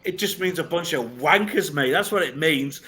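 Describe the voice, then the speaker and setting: A man's voice: fairly high pitch, moderate pace, sharp tone. Sweary northwest English man ranting. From northwest England. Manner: sweary, rambling, boisterous ranting. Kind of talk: casual chat. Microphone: video call.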